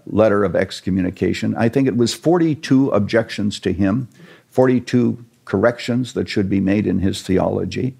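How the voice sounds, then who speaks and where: A man telling a church history story to an interviewer, earnest and animated, with a few jokes. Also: on the low side, gravelly, husky. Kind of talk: storytelling lecture in conversation.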